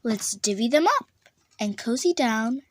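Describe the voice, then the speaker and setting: A woman's voice: a little high, animated, unhurried, slight background noise. Chummy storybook badger, as a woman reads him. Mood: friendly. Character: friendly male badger, sharing and cheerful. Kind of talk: storybook read-aloud.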